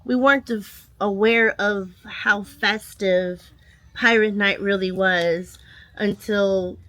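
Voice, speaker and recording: A woman with a slightly nasal voice from a cold, talking casually as a vlogger and telling a story with many pauses and restarts. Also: mid-range voice, steady tone, fairly bright tone, no room sound. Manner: hesitant, restarts and trails off. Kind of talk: casual chat.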